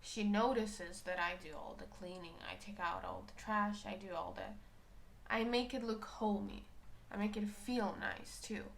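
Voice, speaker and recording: A woman's voice: mid-range voice, a little slow, vocal fry, a little hiss or hum. A woman talking candidly and emotionally about her own feelings, questioning herself as she goes. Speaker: spiritual reader. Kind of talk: personal reflective talk.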